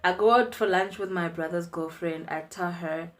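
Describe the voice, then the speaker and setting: Woman in her twenties, low-pitched, casual storytime vlogger, chatty and animated. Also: moderate pace. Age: 20s. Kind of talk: storytime vlog.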